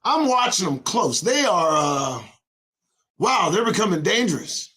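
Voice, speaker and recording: A middle-aged man hosting his own show, ranting in a rhyming monologue with sudden shouts and swearing. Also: sits high, very animated, a little slow. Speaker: host of a daily online show.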